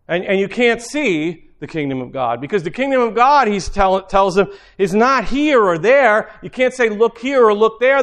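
A man with a fairly high voice preaches in an easygoing, conversational manner. He repeats key phrases and drifts into quick asides as he speaks to a church congregation. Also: fairly bright tone. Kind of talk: sermon.

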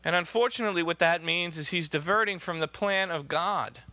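Bright, high-voiced man preaching a sermon. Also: fairly quick, no room sound. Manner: emphatic, reads scripture in old-fashioned wording.

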